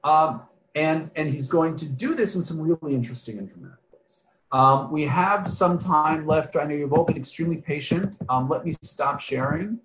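A man teaches an online class over a video call, taking questions from the chat in a discursive style. He often restarts phrases, tacks on "right?" and trails off with "um." His fairly high, bit-bright voice is lively and moderately paced, and the rough, roomy recording has slight background noise.

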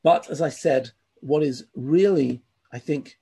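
A man's voice: fairly high pitch, unhurried, creaky, mellow, breathy edge. A man teaching a class, reading passages aloud and adding earnest, emphatic asides of his own. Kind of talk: class lecture reading from a text.

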